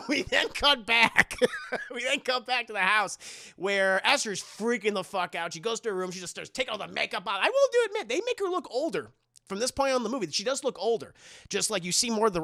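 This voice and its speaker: Guy streaming a movie recap, swears a lot, gravelly and bright, dry close sound. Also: sits high, no echo. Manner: profane, animated, laughing storyteller. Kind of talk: casual comic recap. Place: streaming setup at home.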